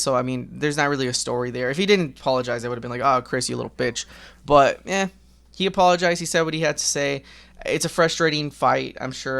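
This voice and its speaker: A gaming vlogger with a mid-range, fairly bright voice and a gravelly edge chats casually into a desk mic as he plays. He rambles candidly, swears freely, and leans on fillers like "um" and "like."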